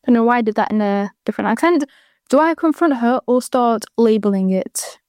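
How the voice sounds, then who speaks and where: Young British woman in her early twenties, host of a chatty advice show, frank and digressive, slightly high voice, dry close recording. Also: animated, fairly quick, darkish tone, clean tone, no echo. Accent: British English. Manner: chatty, frank, rambling asides. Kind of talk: casual advice chat to listeners.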